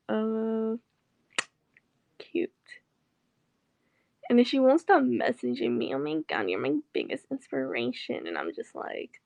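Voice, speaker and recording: A woman's voice: fairly high pitch, gravelly, a little mellow, dry recording, highs cut off. A young woman vlogging in a casual chat, rambling and swearing with sarcastic asides. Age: young adult.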